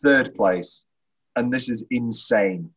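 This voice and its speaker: A man co-hosting a casual film podcast, blunt and sweary, with a husky voice. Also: medium pitch, takes it slowly, a bit bright, low-quality recording. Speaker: podcast co-host.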